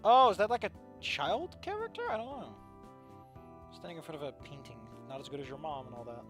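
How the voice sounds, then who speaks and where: A tired man reading fan fiction aloud into a desk microphone, ranting and swearing, sliding from low tired mumbles to loud yelling. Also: sing-song, a little fast, over music. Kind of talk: casual live reading and commentary.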